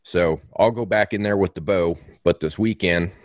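A man co-hosting a casual hunting podcast, relaxed and teasing, laughing easily. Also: low-pitched, normal speed, dry recording, clean studio sound. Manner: laid-back, laughs often, teasing. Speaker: podcast co-host.

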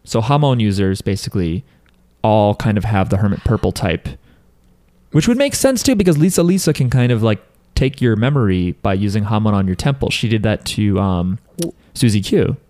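A man's voice: lowish voice, animated, normal speed, dark tone. A young man hosting a casual podcast chat, rambling with lots of fillers and frequent laughs, reading listener emails.

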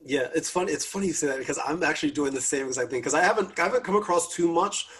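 A man's voice: fairly high pitch, racing, fairly bright tone, breathy edge. A man hosting a panel, friendly and playful as he asks the guests questions. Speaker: panel host. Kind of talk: casual panel chat.

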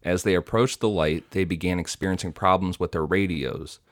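Podcast host, male, very low voice, dry close sound, relaxed storytelling. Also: moderate pace, no room sound. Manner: reads story details with asides and fillers. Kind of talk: casual storytelling from notes.

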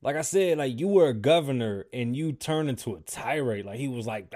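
A man hosting his own podcast livestream, ranting casually and profanely, with sudden loud outbursts. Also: mid-range voice, expressive, moderate pace, few pauses. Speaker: podcast host.

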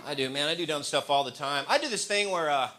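A man from the American Midwest doing an animated stand-up comedy routine in front of a laughing audience, often slipping into put-on regional voices. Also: a little high, quick pace, some chatter behind, slight background noise.

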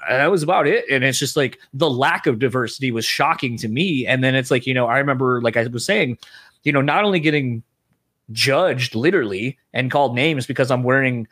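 A man's voice: medium pitch, a little fast, a bit bright, breathy edge. A man, hosting a casual chat, rambling and reflective with lots of "you know" and "like.". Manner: rambling, reflective, many fillers.

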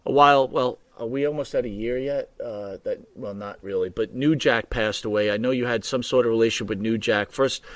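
A man of middle pitch hosts a casual interview, setting up each question politely and at length before handing it over. His voice sits dry and close to the mic. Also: fairly quick, few pauses, no room sound. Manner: polite, asks long lead-in questions. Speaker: interview host.

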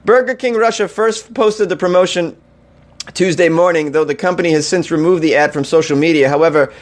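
A man's voice: a little high, fairly quick. A man hosting a comedy news segment, mocking the stories with incredulous remarks and frequent laughter.

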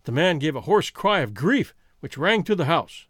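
A man narrating an audiobook story in a steady storytelling manner, close to the mic. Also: on the high side, moderate pace, no echo.

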